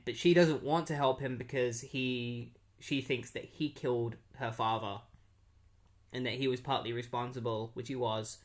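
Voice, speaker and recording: A man's voice: medium pitch, a bit bright. A man casually retelling a comic book plot, rambling with many fillers. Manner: rambling, filler-heavy storytelling.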